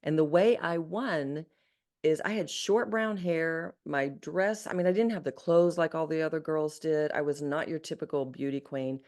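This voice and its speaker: A woman in her sixties from Arkansas with a Southern accent, a guest telling her life story in an earnest, animated way with frequent restarts. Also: low-pitched, moderate pace. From Arkansas, USA. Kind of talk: storytelling in an interview.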